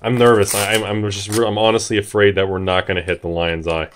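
A man hosting a card-opening video, talking in a hyped, jittery way and shouting at big pulls. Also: lowish voice, little pitch movement, quick pace, slight background noise. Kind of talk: excited casual commentary.

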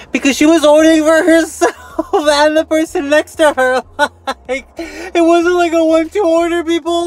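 A sassy, judgmental valley-girl vlogger, put on by a man, gossips from a parked car. She pads every phrase with "like" and sharp little "okay?"s, swinging between hushed asides and shrill, giggly jabs. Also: lightly acted. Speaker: comedy sketch host. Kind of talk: comic character monologue.

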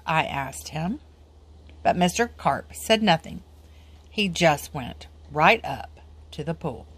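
Woman, storybook read-aloud, expressive, lively pitch, slow pace. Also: husky. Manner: expressive, sing-song. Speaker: storybook reader. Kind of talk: children's book read-aloud.

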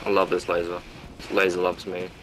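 A man's voice: low voice, monotone, fairly quick, noisy background. A young Australian man joking and boasting with friends while gaming. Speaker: gamer. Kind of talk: casual gaming banter.

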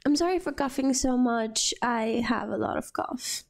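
High-voiced woman gaming streamer. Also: moderate pace. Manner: casual, reacts aloud. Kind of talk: casual gameplay commentary.

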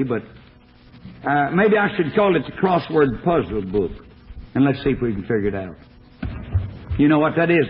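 A man preaching a folksy, emphatic sermon full of stories, as an evangelist introducing singers and opening a Bible lesson. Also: on the high side. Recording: tinny old phone-like archive recording.

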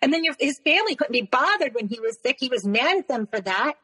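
Breathy woman telling her story, reverberant. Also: sits high, very animated, pushed and bright. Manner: halting, with many restarts and repeated words. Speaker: interview guest. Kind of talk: emotional personal storytelling.

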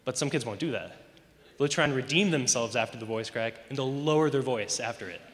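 With a mid-range, slightly bright voice and a somewhat fast pace, a teenage boy rambles through self-mocking stand-up at his school talent show, saying "you know" often. The echoey recording from a large auditorium stage carries slight background noise.

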